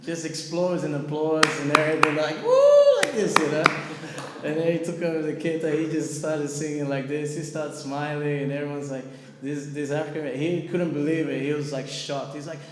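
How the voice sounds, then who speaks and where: Man, casual storytelling, animated, lots of fillers, slightly high voice, echoey hall. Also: normal speed. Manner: animated, full of fillers like "like" and "you know", acts out the people in his story. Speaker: devotee telling a story at a scripture class. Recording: echoey hall with long reverb and faint ambient noise.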